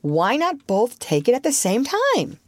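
A woman's voice: on the high side, wildly swooping pitch, unhurried, dry recording, voice pushed up, full character voice. A woman doing an eager little girl. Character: eager, helpful young girl.

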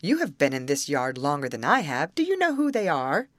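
A woman's voice: low-pitched, huge pitch swings, a little fast, no room sound, clean studio sound. A woman voicing a newly made, innocent snowman in a storybook who asks eager, wondering questions in a raised voice. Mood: curious.

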